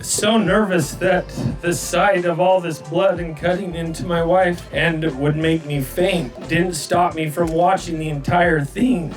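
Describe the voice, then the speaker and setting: A middle-aged father reads aloud an old journal entry, chuckling softly now and then. His voice sits a little high and sounds set back from the microphone. Music plays clearly behind him. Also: steady tone, unhurried, hardly any pauses, far from the mic, rough recording.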